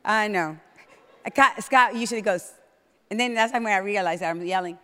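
A middle-aged woman preaching a sermon in a church, bold and emphatic, getting loud when excited. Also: mid-range voice, normal speed. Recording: long hall reverb.

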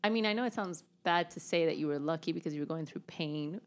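A woman's voice: sits low, quick pace. A woman co-hosting a podcast in casual chat, laughing often and joking. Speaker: podcast co-host.

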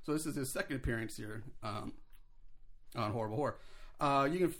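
A man's voice: mid-range voice, brisk, fairly bright tone. A man hosting a podcast in a casual, upbeat way, rambling with fillers as he plugs the show and runs through credits. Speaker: podcast host.

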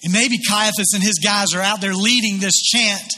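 Bright, husky preacher man. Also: sits high, fairly even intonation, moderate pace. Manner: storytelling with voiced quotes of biblical figures. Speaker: pastor. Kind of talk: sermon.

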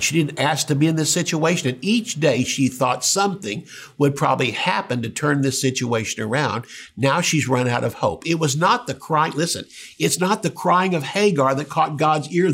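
A man preaching a sermon, earnest and emphatic, swinging between raised peaks and quiet low passages. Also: breathy edge.

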